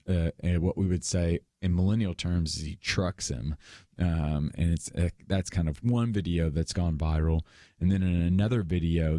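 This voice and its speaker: A man's voice: low voice, dark tone, no echo, studio quality. A young man guest-hosting a radio talk show, giving loose conversational commentary with frequent fillers and restarts.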